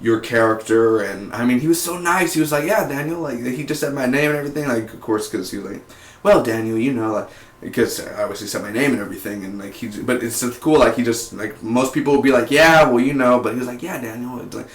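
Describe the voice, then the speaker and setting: Young man, casual episode review, rambling, excitable, roomy echo. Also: mid-range voice, fast talker. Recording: echoey room.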